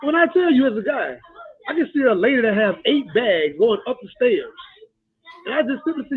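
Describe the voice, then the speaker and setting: A man's voice: very high voice, sing-song, brisk, husky, no echo, phone-quality sound. A man hosting a casual live talk show, emphatic and colloquial, laughing often. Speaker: podcast host. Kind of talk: casual conversation.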